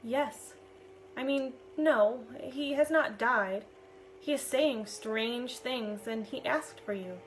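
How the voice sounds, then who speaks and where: An earnest, anxious young settler boy with a fairly high voice, read by a woman. He speaks in a pleading, heartfelt way. Faint room hush sits behind the reading. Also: slow, a little hiss or hum, poor audio. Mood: urgent.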